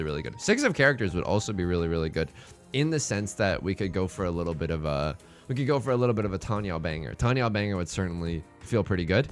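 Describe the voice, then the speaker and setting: Young guy rambling through a game, goofy asides, pitch bouncing all over, soft music under it. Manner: rambling, jokey, self-mocking, full of restarts. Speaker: let's play host. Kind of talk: casual gameplay commentary. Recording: faint music behind.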